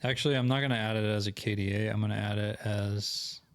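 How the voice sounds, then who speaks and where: Moving fast through a screen-share tutorial, a young online selling channel co-host thinks aloud and catches his own mistakes in a casual way. He's losing his voice, which sits low, steady, and a bit hoarse. The sound is dry and close to the mic, with no room sound.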